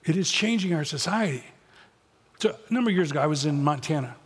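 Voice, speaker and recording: A man's voice: fairly high pitch, animated, quick pace, slightly rough. A middle-aged man preaching a sermon as pastor, blunt and conversational with touches of humor. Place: church auditorium. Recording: long hall reverb.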